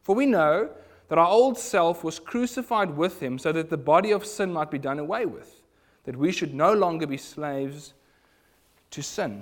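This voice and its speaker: A man preaching a sermon, earnest, moving between loud emphasis and hushed asides. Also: a little high.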